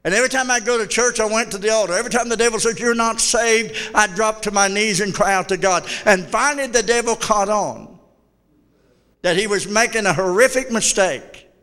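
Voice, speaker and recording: A man's voice: high-pitched, fairly quick, pushed and bright, clean tone. A fervent older man preaching a sermon in a church, calling out to the congregation. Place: church hall. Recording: reverberant church hall.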